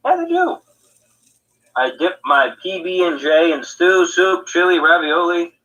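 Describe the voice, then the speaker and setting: A man chats casually on a podcast, rambling from one thought to the next and laughing often. His voice sits a bit high and rings very bright. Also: lively intonation, a little slow, lo-fi sound. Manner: rambling, chatty, laughs easily. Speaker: podcast co-host. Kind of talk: casual chat.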